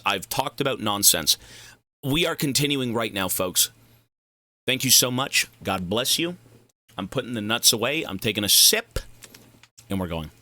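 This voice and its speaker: Young man, game streamer, very bright voice, lively swinging pitch, rambling and profane. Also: dry recording. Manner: rambling, profane, goes off on tangents. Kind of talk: casual livestream chat while gaming.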